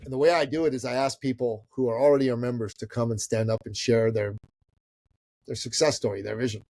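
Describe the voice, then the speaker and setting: A man's voice: medium pitch, fast talker, no echo. A middle-aged man from Iran telling a story in a podcast interview, acting out the people in it. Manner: animated storyteller who acts out the people in his stories. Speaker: guest entrepreneur.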